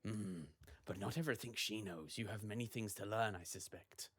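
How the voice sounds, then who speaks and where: Cryptic elderly shaman, played by a man, slow solemn murmur. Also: fairly low pitch, a bit bright, natural voice. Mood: musing. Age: older. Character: old wise male marsh shaman, cryptic.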